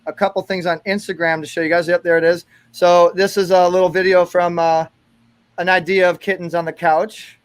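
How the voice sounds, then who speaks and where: A man's voice: high-pitched, level tone, brisk, clear, resonant tone. A man hosting an online interview, enthusiastic and stumbling over his words. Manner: enthusiastic, stumbling, restarts often. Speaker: host.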